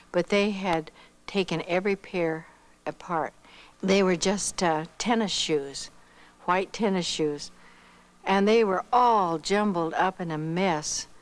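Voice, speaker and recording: An older woman from Iowa giving a missionary testimony, telling her story with lively acted-out dialogue. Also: fairly low pitch, low-quality recording. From Iowa, United States. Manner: animated storyteller who acts out quoted dialogue.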